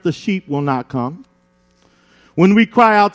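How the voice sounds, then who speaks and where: A man preaching a sermon as pastor, building emphasis with dramatic pauses. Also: high voice, expressive.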